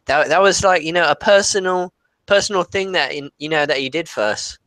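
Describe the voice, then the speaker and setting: Bright, smooth-voiced man talking haltingly. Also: fairly high pitch, no room sound. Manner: halting, full of "you know" fillers. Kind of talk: casual chat.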